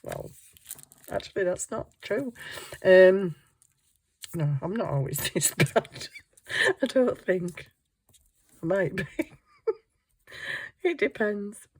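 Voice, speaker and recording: A woman's voice: medium pitch, expressive, slow, pauses often, darkish tone, husky. A woman chatting casually while crafting at home, tired, ditzy and giggly, muttering to herself as she hunts round her desk. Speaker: craft vlogger.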